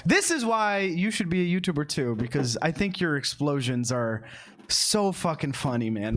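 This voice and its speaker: A man's voice: a little high, animated, moderate pace, fairly bright tone. A young man co-hosting a podcast, talking in a laid-back, chatty way and laughing often. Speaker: streamer and podcast co-host. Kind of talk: casual chat.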